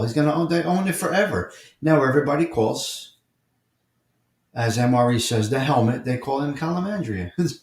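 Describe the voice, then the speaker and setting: A man with a New York accent hosting a casual live morning chat stream, answering viewers by name and repeating his points with emphasis. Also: mid-range voice. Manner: repetitive and emphatic, addresses chatters by name. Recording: roomy echo.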